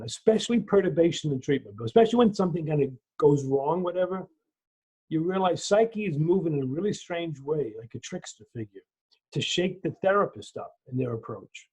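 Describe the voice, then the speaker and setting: A man lecturing in a Q&A over a video call, telling a personal story in an animated way, acting out dialogue and often restarting his sentences. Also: on the high side, slightly rough. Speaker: lecturer answering questions. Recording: muffled lo-fi video call audio.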